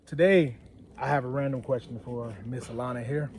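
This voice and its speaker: A man co-hosting a casual couple's chat, his voice warm and mellow. He talks in a loose, rambling way, drifting through his advice to viewers at an easy pace. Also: mid-range voice, normal speed, a little hiss or hum. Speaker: co-host.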